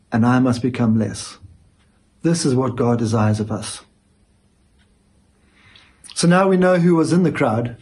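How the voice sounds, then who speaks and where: A male pastor giving a sermon, speaking emphatically with dramatic pauses. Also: mid-range voice, a little mellow, breathy edge.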